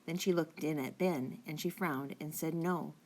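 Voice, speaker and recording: A woman reading a children's book aloud in a clear, steady storytelling manner. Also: sits low, normal speed. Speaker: audiobook reader.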